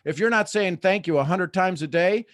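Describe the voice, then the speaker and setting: Male motivational host, high voice, preachy, big swings in energy, dry booth sound. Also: normal speed, no room sound. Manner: preachy, swings between soft asides and loud excited bursts. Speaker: host of a live morning motivational show.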